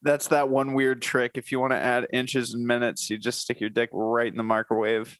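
A man co-hosting a comedy podcast in a middle-pitched voice. He rambles through improvised bits, chuckling as he goes, and the recording is dry and close with no room sound. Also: level tone, moderate pace, a bit bright, dry recording. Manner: jokey, rambling, laughs mid-sentence. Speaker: podcast co-host.

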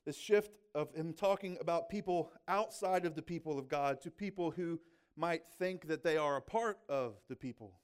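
A man's voice: a little high, normal speed, clear, resonant tone. A male pastor giving a conversational sermon, talking casually and often checking in with his listeners. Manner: chatty, filled with "like" and "right?".

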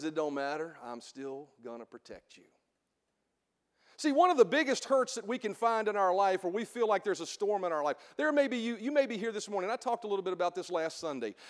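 A middle-aged male pastor preaching a sermon, calling for congregation responses and swinging between soft asides and shouted emphasis. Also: sits high, in a large hall. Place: church sanctuary.

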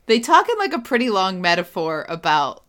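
A woman co-hosting a podcast, playful and quick to laugh, chatting casually. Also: medium pitch, huge pitch swings, a bit bright. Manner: playful, laughs often, exaggerated quoted voices. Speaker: podcast co-host. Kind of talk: casual chat recapping a TV episode.

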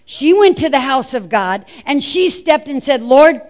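A woman with a somewhat high voice preaches a sermon. She tells the story with animated energy, dropping into the voices of the people she quotes. The style is expressive and earnest. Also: normal speed.

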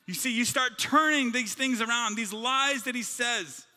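A man's voice: extremely high pitch, moderate pace, sharp tone. A man preaching a sermon as pastor, emphatic, driving his points home in repeated rhythmic lists. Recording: reverberant hall with background music.

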